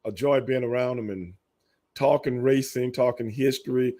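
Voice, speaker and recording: Middle-aged Texan male podcast host, animated storyteller who laughs often. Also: moderate pace. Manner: animated storyteller, laughs often, jumps into high excited bursts. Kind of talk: casual chat.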